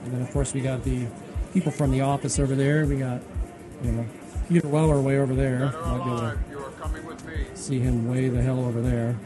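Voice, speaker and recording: A man hosting a casual convention vlog, talking in an excitable, rambling and chatty way. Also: medium pitch, moderate pace, long pauses, music in the background. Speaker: YouTube channel host. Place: busy convention hall.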